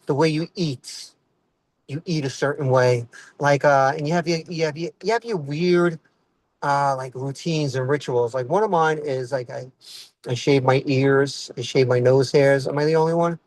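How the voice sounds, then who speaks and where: Taped inside his car as he drives, this Italian-American man delivers a meandering stand-up routine at a moderate pace. The recording is dry, his voice sits on the high side, and he wonders aloud "what else is going on."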